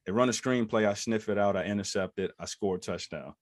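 A man in his thirties with a lowish voice talks fast over a clean, echo-free recording. He's a former NFL running back appearing as a podcast guest, telling an animated story in an interview and acting out other people's lines in raised voices.

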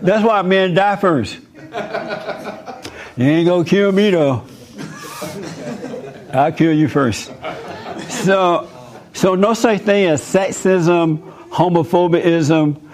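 An emphatic man talking to a room full of listeners in a fairly high voice. He preaches and jokes in turns and acts out the people in his stories. His delivery is lively and direct. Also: takes it slowly, pauses often. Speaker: host speaking to a live group. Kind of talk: animated preaching talk with anecdotes.

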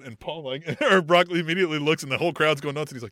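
A man co-hosting a podcast in casual chat, animated, swearing freely and acting out lines. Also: on the high side, fast talker, no echo, studio quality. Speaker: podcast co-host.

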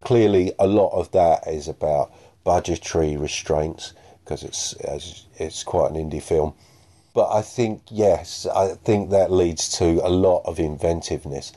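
A man's voice: low-pitched, measured pace, warm tone. A man hosting a podcast, chatting casually and a bit self-deprecatingly about listener messages. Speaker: podcast host.

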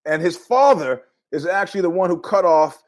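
Middle-aged guy rambling through a story on his podcast, slightly high voice, jokey asides. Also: animated, normal speed. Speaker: podcast host. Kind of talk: casual monologue.

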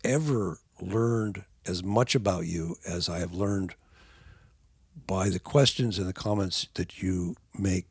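Older father, podcast guest, low gravelly husky voice, halting then animated, dry close sound. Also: no echo. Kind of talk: casual podcast conversation.

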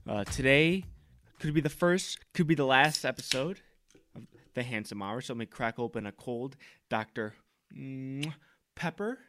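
A man hosting a comedy podcast, delivering a loud, fired-up, mock-pompous rant. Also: mid-range voice. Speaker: podcast host. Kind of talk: comic ranting monologue.

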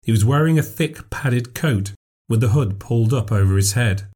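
A man narrating a ghost story in a measured, steady way. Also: medium pitch, husky.

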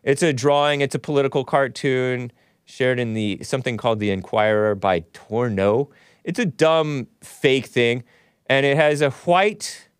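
A man's voice: medium pitch, clear, resonant tone, no echo. Male solo podcast host, combative sarcastic ranter who stumbles and restarts, dry. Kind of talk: solo political commentary.

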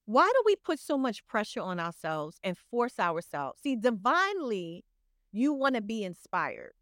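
A woman's voice: medium pitch, big pitch swings, a little slow, a bit bright, no echo, studio quality. A woman speaking as a podcast guest in casual conversation, earnest and motivational in how she encourages.

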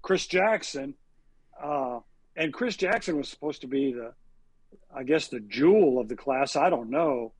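On a casual sports talk show, a man who works as a sports reporter and co-host tells wandering, statistics-laden stories with lots of fillers. He has a husky mid-range voice with lively intonation and a measured pace, recorded without echo.

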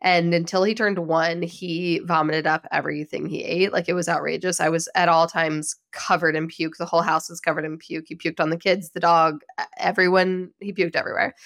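A woman's voice: on the low side, normal speed. Chatty woman podcast host. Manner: animated, chatty storytelling with frequent laughter. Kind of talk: casual solo chat.

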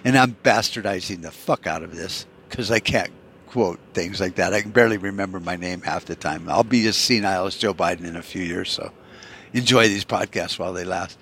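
A man's voice: sits low, fairly quick, a bit bright, slight background noise. A man hosting his own podcast, delivering an angry, profane political monologue with heavy emphasis and repeated words. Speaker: podcast host.

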